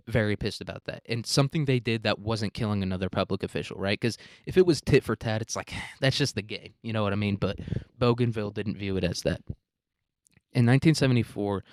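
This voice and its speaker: Laid-back low-voiced man riffing on history. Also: no echo, clean studio sound. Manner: irreverent and profane, acting out quoted characters. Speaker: podcast host. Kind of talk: casual history commentary.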